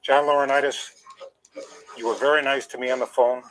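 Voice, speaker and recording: A man's voice: medium pitch, steady tone, fairly quick, a bit bright, rough recording. An older man, an interview guest, telling a long personal story in an emphatic, aggrieved way while holding back emotion.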